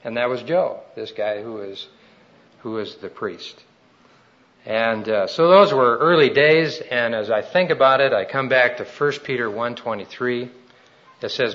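A man's voice: mid-range voice, a little slow, a bit bright, highs cut off. A man preaching a sermon and telling his own testimony in an earnest, folksy storytelling way.

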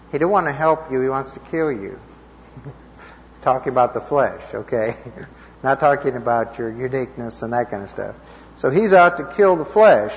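A man giving an informal Bible teaching to a live group, conversational and checking in with his listeners, his voice a little hoarse. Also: a little high. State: slightly hoarse. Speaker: preacher teaching a class. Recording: dull lo-fi recording in a reverberant hall.

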